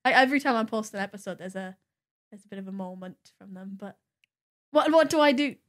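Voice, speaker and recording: A woman's voice: mid-range voice, fast talker. A woman in her twenties chatting as a podcast guest, giggly and chatty, swearing freely. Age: 20s. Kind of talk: casual chat.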